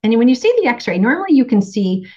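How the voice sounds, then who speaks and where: A woman's voice: a little high, sing-song, quick pace, a little mellow. A middle-aged woman speaks in a chatty, storytelling manner, laughing often as she acts out what people said. The recording sounds a little dull and lo-fi. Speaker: nutritionist presenter. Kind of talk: casual health talk with slides.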